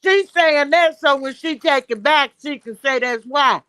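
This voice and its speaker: Woman calling into a gossip stream, real high bright voice, blunt and salty about it. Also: dry recording. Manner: blunt, salty, fast storytelling. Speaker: guest caller. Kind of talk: casual gossip chat.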